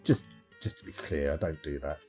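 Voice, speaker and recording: A man's voice: extremely low pitch, normal speed, darkish tone, faint music behind. A man casually commenting on his game during a live stream, joking, rambling and reading out chat messages. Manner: jokey, rambling, reads chat aloud.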